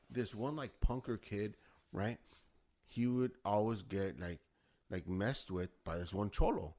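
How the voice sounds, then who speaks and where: A man's voice: lowish voice, lively intonation, a little slow. A man guesting on a casual chat, laid-back and slangy, laughing along and telling school stories.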